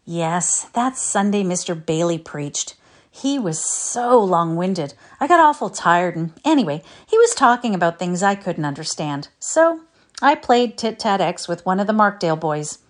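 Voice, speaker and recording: A woman's voice: on the low side, very animated, unhurried. A woman voicing a shamefaced, plain-spoken young boy in a readers' theatre story. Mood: sheepish. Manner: shamefaced, folksy.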